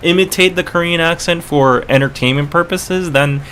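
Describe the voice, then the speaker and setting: A man's voice: fairly high pitch, moderate pace, sharp tone, slight background noise. A man hosting a casual live stream, laid-back, laughing often and correcting himself mid-sentence. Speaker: podcast host.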